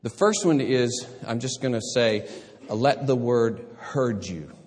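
A man preaching a sermon as pastor, animated and conversational, with humorous asides. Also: mid-range voice, a little slow, in a large hall.

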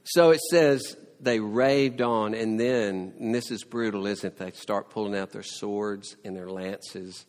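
A man preaching a sermon, telling the story with lively, playful asides and mock sarcasm. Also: lowish voice, measured pace, few pauses, big-room sound.

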